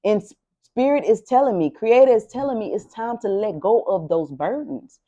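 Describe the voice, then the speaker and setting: A woman's voice: medium pitch, animated, moderate pace, dark tone, dull audio. A woman giving a tarot reading. She talks emphatically and repeats herself, preaching to her listener. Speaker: tarot reader.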